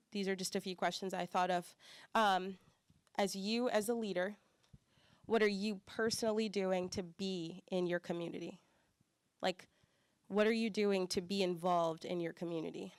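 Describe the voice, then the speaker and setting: A young woman with a slight Southern accent giving a chatty conference talk as church staff, full of fillers and lively quoted voices. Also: mid-range voice, dry recording.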